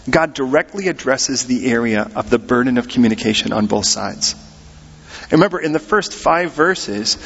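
Middle-aged male pastor preaching in a reverberant hall. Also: fairly high pitch. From United States. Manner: animated, conversational preaching with acted-out quotes. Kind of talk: sermon. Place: church sanctuary. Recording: muffled sound in a large reverberant hall.

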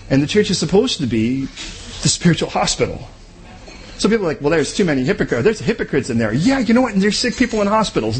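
A man with a notably high voice, preaching a sermon. He talks conversationally, throws in jokes, and briefly slips into other people's voices to make his points. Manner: conversational and joking, acts out quick voices. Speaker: pastor.

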